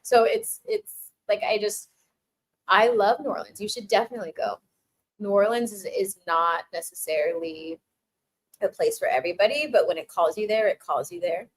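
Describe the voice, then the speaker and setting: On a livestream, a woman answers her chat in a casual Q&A, warmly thanking viewers as she reads their messages aloud. Her voice is mid-range and her pace moderate, and she laughs often, restarting sentences and leaning on filler words. The audio quality is poor.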